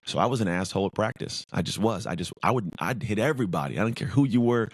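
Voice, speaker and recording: A man's voice: on the low side, expressive, fast talker, husky, dry recording, clean studio sound. A man speaking as a podcast guest, former pro football player, talking intensely and emphatically in repeated lists. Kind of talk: casual interview talk.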